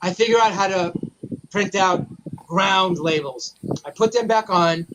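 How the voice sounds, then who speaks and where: A man telling a long, profane, animated story in a casual chat. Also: sits high, measured pace, noisy background. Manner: profane, animated anecdote teller. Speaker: memorabilia collector guest.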